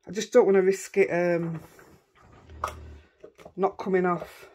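Speaking slowly in a fairly low, level voice with a darkish tone, this middle-aged Yorkshire woman crafts at home and chats casually. She rambles, thinks out loud and gently mocks herself, as a craft vlogger would.

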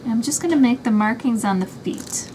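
A woman with a high, light voice walks through a craft project one step at a time, chatty and easygoing. A faint hum of room ambience sits under her voice. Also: lively intonation, a little fast, a little mellow. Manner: chatty, explains each step as she works. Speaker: craft channel host.

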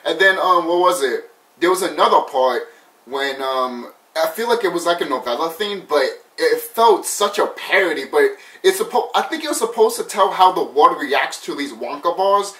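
Male vlogger, somewhat high voice, loose profane movie-review chatter, distant mic in a roomy space. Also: lively intonation, normal speed, sharp tone. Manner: rambling, swears a lot, laughs often.

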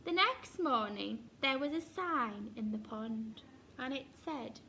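Slow, bright-voiced woman reading a storybook. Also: high-pitched, lively intonation, creaky, a little hiss or hum. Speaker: teacher. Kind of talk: reading a picture book aloud to young children.

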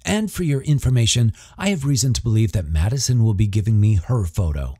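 A man's voice: lowish voice, animated, a little fast, mellow, husky, dry recording, clean studio sound. A man voicing a confident, guarded teenage boy with a wry, matter-of-fact way of talking.

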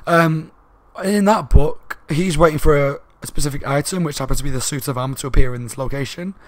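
Fast, loud-talking man reviewing a book. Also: a little high, no echo. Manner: rambling, with fillers and asides. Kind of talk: casual spoken book review.

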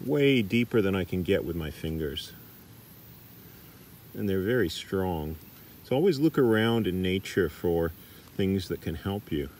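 A middle-aged Australian man demonstrating massage techniques in a relaxed, chatty way, recorded in a park. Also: sits low, a little slow, pauses often, slight background noise. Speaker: massage teacher. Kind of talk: casual demonstration. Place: park outdoors.

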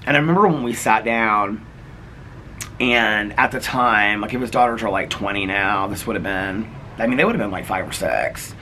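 Bright-voiced chatty middle-aged man. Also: on the low side, moderate pace, a little hiss or hum. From Indiana. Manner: chatty, earnest, heavy use of "like". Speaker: vlogger. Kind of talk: casual personal storytelling.

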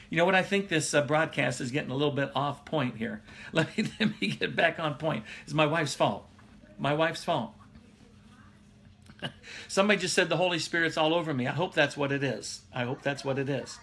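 A man's voice: on the high side, moderate pace, gravelly, a bit bright, slight background noise. A middle-aged male pastor giving a casual live Bible teaching, who laughs often and reads out viewer comments.

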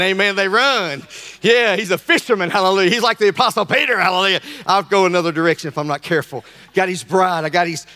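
High, bright-voiced playful male pastor. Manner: playful, calls out to the congregation. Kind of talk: lively sermon with a live demonstration.

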